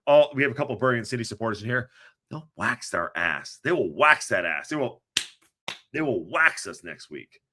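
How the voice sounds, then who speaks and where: A man hosting a football reaction podcast, talking in an animated, rambling way that often stumbles and restarts mid-sentence. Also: medium pitch. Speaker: podcast host. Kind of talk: post-match reaction chat.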